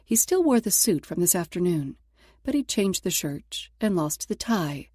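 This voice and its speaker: A woman narrates a romance audiobook in a steady, even delivery. Her voice is mellow and warm, recorded close and dry with no room sound. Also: fairly low pitch, moderate pace, husky, no echo. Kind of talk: scripted narration.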